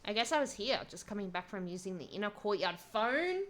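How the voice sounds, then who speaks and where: A woman's voice: medium pitch, animated, a little fast, a bit bright, close to an everyday voice. A woman reading as an earnest chicken expert. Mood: matter-of-fact. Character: earnest chicken meat-industry expert, male.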